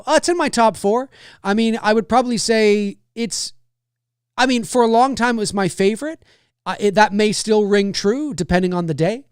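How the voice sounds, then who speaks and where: A man's voice: high voice, moderate pace, clear, resonant tone, no echo, studio quality. Rambling man in his forties hosting a stream. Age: 40s. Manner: rambling, loose, many fillers and restarts. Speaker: live-stream host answering chat. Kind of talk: casual chat.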